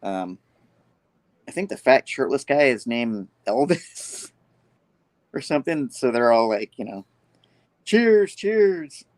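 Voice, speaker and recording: A man's voice: mid-range voice, lively intonation, unhurried, long pauses, no room sound. Rambling man retelling a comic, dry sound. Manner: rambling retelling full of "like" and "you know". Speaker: comic book reviewer. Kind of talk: casual chat.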